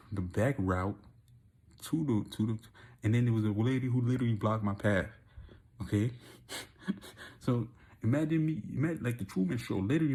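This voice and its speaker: A man telling a rambling, profane story in a casual monologue, often laughing and getting loud and excited. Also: medium pitch. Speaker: vlogger.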